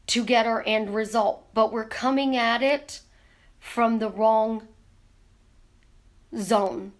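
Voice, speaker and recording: A woman coaching her viewers in a casual live stream, talking with her hands and firing off rhetorical questions. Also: fairly high pitch. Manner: animated, talks with her hands, asks rapid rhetorical questions. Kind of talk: casual teaching monologue. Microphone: camera in front of her.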